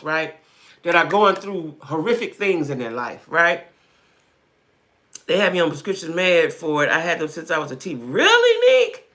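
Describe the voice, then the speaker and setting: Animated, emphatic woman live-streaming. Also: on the low side. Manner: emphatic, repeats herself, reads comments aloud. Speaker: livestream host. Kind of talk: casual live-stream chat with viewers.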